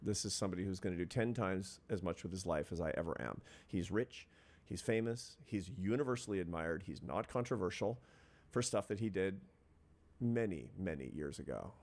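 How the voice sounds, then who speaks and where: A man in middle age with a notably low-pitched voice shares a personal story as a guest in an interview. He talks in an earnest, thoughtful way, laying out his ideas one step at a time. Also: lively intonation, normal speed, a little mellow. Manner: earnest, reflective, builds points step by step. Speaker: interview guest, social scientist.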